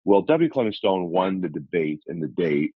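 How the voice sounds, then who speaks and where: A man's voice: deep voice, very animated, moderate pace, husky, dry recording, lo-fi sound. A man on a radio talk show, coaching listeners through numbered self-help steps in an earnest, motivational way. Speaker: life coach guest.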